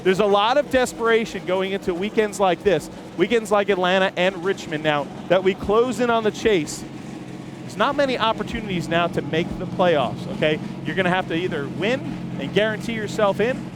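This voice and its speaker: Upbeat high-voiced man in noisy garage. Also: normal speed. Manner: upbeat, enthusiastic, chatty with viewers. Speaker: host. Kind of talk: live walk-around garage commentary. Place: outdoor race-car garage. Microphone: camera he holds himself. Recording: noisy outdoor garage, engines running. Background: engines and garage noise.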